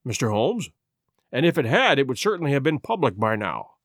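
A man's voice: medium pitch, sing-song, fairly quick, fairly bright tone, no echo, studio quality, pitched below the performer's own voice. A man voicing a stern older male prime minister who speaks in a grave, insistent tone.

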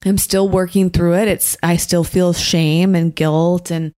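Female video creator as interview guest, thoughtful and candid, unhurried. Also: on the low side, flat delivery, warm tone. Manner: reflective, measured, frank. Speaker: YouTuber and guest. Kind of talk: casual interview.

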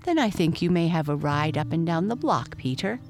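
A woman's voice: fairly low pitch, lively intonation, moderate pace, a little mellow, soft background music. Polite rich lady, careful and courteous, storybook read by a woman. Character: polite wealthy mother.

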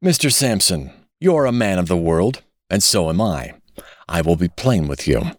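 A scheming gentleman villain speaks smoothly and politely, as a man reads him, in a very deep voice. Every word stays composed and measured, and the sound is dry and close. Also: sing-song, dry recording.

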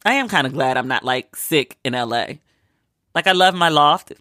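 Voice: mid-range voice, lively intonation, moderate pace, sharp tone, no echo, studio quality. A vlogger from Maryland, sick with a cold, chatting casually and acting out what people said. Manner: chatty storyteller, acts out quoted lines.

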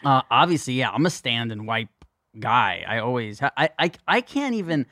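A man's voice: medium pitch, very animated, moderate pace, sharp tone, no echo, studio quality. A man co-hosting a podcast, bantering casually, joking crudely and swearing freely. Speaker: podcast co-host.

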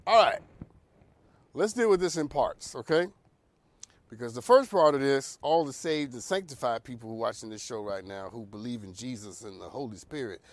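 A man hosting a talk show, giving advice in an animated, preacher-like cadence. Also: medium pitch.

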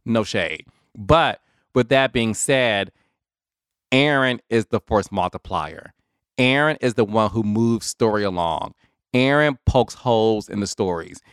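A man's voice: lowish voice, a little slow, clear, resonant tone, no room sound, clean studio sound. A man hosting his own podcast, talking casually and animatedly straight to his listeners. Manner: chatty, animated, addresses listeners as y'all. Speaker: podcast host. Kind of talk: casual solo commentary.

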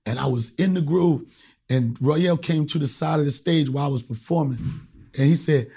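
Husky-voiced man telling stories animatedly. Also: a little high, brisk, dark tone. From Alexandria, Virginia. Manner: profane, acts out voices in anecdotes. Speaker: stand-up comedian, guest. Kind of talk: animated storytelling.

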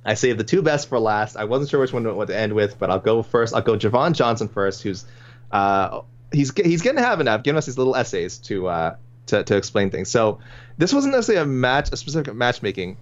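A man's voice: mid-range voice, big pitch swings, a little fast. A man co-hosting a casual sports podcast, reading listener picks aloud with frequent chuckles and restarts. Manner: chatty, chuckling, many restarts. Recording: dull lo-fi audio.

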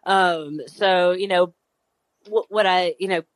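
A woman's voice: fairly low pitch, fairly even intonation, slow pace, no room sound. A woman sports psychologist giving casual advice in a reassuring, loose way, full of "you know" and "kind of".

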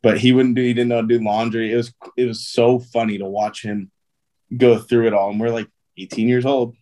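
A man's voice: mid-range voice, level tone, brisk, dark tone. A man, a pro baseball player, telling stories as a guest in a casual interview, loose and chatty with lots of "um", "like" and "dude".

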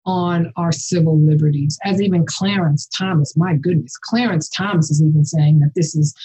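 A woman professor speaking as a podcast guest, her voice dark, mellow and very husky. She talks with passion and force, pressing each point home. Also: deep voice, moderate pace, poor audio. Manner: impassioned and forceful. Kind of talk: casual podcast conversation.

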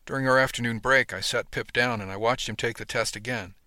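A man giving scripted first-person narration of a novel in a steady storytelling manner. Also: medium pitch, brisk, no echo, clean studio sound. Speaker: audiobook narrator.

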